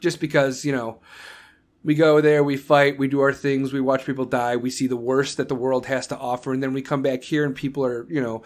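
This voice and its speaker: Here the American combat veteran hosting his solo podcast speaks in a mid-range voice at a slightly fast clip. He rants with plenty of profanity and mocks the people he quotes by imitating their voices.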